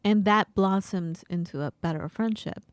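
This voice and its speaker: In a dry recording, this woman speaks at normal speed with a medium pitch. She co-hosts a podcast, keeping the chat casual while animatedly performing the voices of characters in her stories.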